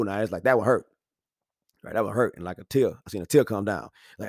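Very fast and mid-range in pitch, a thirtysomething podcaster from Houston, Texas rattles through a casual monologue. A studio microphone captures him close and dry with no room sound, as he animatedly tells stories, mimics voices and laughs frequently.

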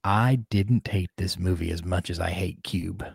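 Man, low voice, dry close mic, animated rambling podcast chat, lots of fillers. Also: moderate pace, creaky, breathy edge, no echo. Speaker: podcast co-host. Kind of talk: casual chat.

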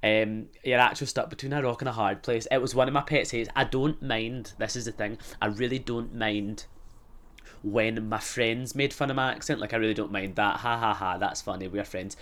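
A man's voice: medium pitch, steady tone, fairly quick, a bit bright. A young man with a Glasgow accent, hosting a podcast in casual, rambling, sweary comic chat. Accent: Glaswegian Scottish. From Scotland. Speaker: podcast host.

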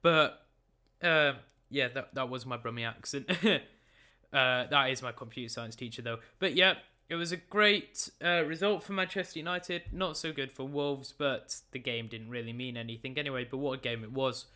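A man's voice: medium pitch, steady tone, moderate pace, sharp tone. A teenage young man casually recapping football results at his computer, chatty and joking, often stumbling over names and self-correcting. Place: room at a computer.

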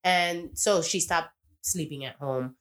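A woman's voice: deep voice, slow, fairly bright tone. A woman casually recapping a TV episode on a podcast, rambling, swearing freely and acting out the characters' lines. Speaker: podcast co-host.

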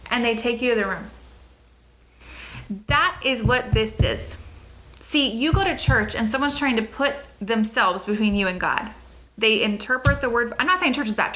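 Woman, casual sermon, bright tone, fairly high voice, acts out bits of dialogue. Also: poor audio. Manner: animated, acts out dialogue with quick voice switches. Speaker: host and preacher.

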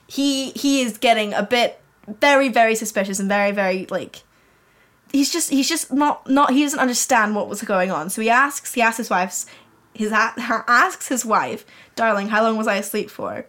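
A woman's voice: on the high side, fairly bright tone. A woman co-hosting a podcast, retelling a story in a rambling, giggly way, full of fillers and restarts. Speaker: podcast co-host. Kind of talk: casual chat, retelling a fan story.

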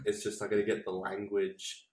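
A man's voice: lowish voice, completely flat delivery, moderate pace, a little hiss or hum. An Australian man, a guest on a podcast, who fumbles his French phrases and laughs at himself. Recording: roomy echo.

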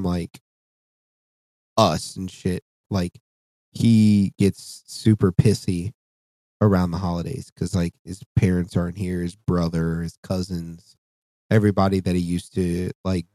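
A man's voice: deep voice, dark tone, no echo. Tired, profane male podcast co-host. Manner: profane, rambling. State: tired, yawning. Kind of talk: casual podcast chat.

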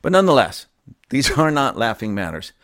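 A man's voice: medium pitch, sing-song, brisk, a bit bright. A male pastor delivering a fiery, emphatic sermon, mocking and chuckling as he goes.

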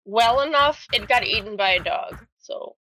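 A woman's voice: on the high side, expressive, moderate pace, sharp tone, poor audio. A woman in casual podcast chat, telling blunt, wry stories.

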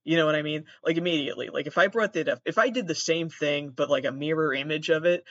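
A man hosting a podcast in a rambling, profane, self-deprecating monologue, with a gravelly, monotone voice. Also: on the high side, quick pace, no room sound. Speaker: podcast host. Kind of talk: casual monologue. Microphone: laptop recording. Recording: dull, dry lo-fi sound.

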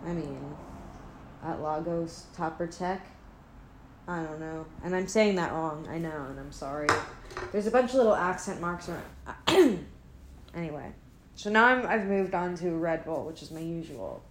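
Drowsy woman vlogger, low-ish voice, self-mocking ramble, echoey home room. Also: expressive, normal speed, noisy background. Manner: rambling, self-deprecating, trails off and restarts. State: sleepy, not fully awake. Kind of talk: casual rambling chat to camera. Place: indoors at home, an apartment. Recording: echoey room with faint ambience.

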